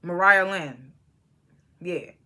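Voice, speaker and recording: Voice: medium pitch, drawn-out words, bright, forceful tone. A young adult reality TV reviewer in casual vlog commentary, talking bluntly and profanely with rambling asides.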